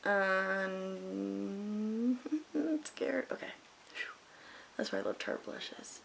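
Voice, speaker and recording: A woman's voice: medium pitch, extremely slow, gravelly, poor audio. A middle-aged woman vlogging casually while doing her makeup, candid and emotional, swearing freely and rambling. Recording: faint hiss.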